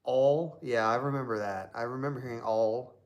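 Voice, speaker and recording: A man's voice: medium pitch, fairly even intonation, fairly quick, lo-fi sound. A man from Southern Indiana hosting a live stream, chatting casually in a rambling way with lots of fillers.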